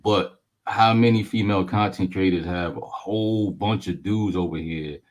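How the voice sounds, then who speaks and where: A man's voice: low voice, normal speed. A man in his forties with a Newark accent, talking bluntly and joking in street slang on a casual panel. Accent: Newark, New Jersey. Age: 40s. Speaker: panel guest. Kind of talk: casual chat.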